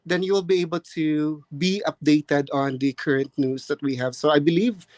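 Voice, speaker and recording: A man works through a practice speaking answer, pausing on fillers and restarting words. His voice is a little higher than average and sounds dry and close. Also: fairly even intonation, a little mellow, no room sound. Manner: hesitant, many fillers and restarts, polite. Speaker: nursing candidate practising for a speaking test. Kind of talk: mock exam answer and chat.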